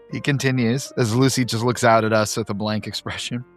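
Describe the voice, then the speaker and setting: A man's voice: medium pitch, normal speed. A man co-hosting a podcast in casual chat, reading comic strips aloud and laughing along, with faint music behind. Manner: animated, laughs while reading. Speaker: podcast co-host.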